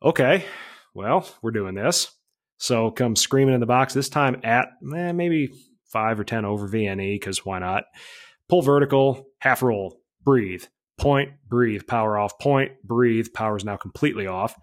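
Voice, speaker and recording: A man's voice: medium pitch, moderate pace. A man telling a story about flying, casual and blunt, swearing freely and acting out radio calls. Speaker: aerobatic pilot guest.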